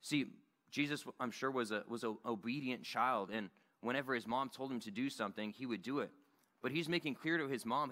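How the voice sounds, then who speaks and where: Bright-voiced man preaching earnestly. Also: medium pitch, brisk. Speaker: Bible study teacher. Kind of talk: sermon. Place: church meeting room.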